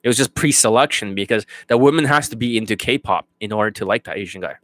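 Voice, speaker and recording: A man's voice: on the low side, fast talker, a bit bright, no room sound. A man working as a dating coach, ranting bluntly and profanely to his students. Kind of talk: unscripted monologue to students.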